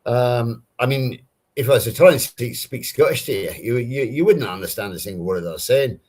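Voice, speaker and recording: A man's voice: mid-range voice, expressive, brisk, a little mellow. An Englishman with a Southern English accent, chatting casually on a live stream video call and explaining things through personal anecdotes. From England. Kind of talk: casual chat.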